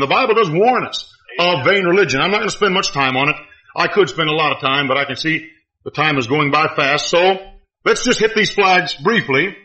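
High, bright-voiced man preaching a sermon. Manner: animated storytelling, swings from loud exclamations to low asides. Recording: dull lo-fi sermon recording.

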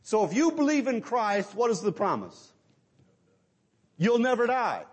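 A middle-aged male preacher delivers a sermon with a high, strongly rising and falling voice. He drives his points home emphatically and keeps asking his listeners questions. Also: big pitch swings, unhurried, husky. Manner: emphatic, asks the congregation rhetorical questions.

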